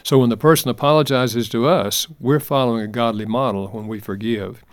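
An older man, an author and guest, telling a personal story in an earnest, gentle and measured way during an interview. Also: mid-range voice, fairly even intonation, smooth, no echo.

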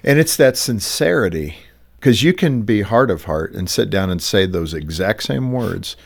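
A man's voice: fairly low pitch, expressive, normal speed, vocal fry. A middle-aged man hosting a radio interview, asking thoughtful, probing questions with rising emphasis on the key points. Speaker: radio show host.

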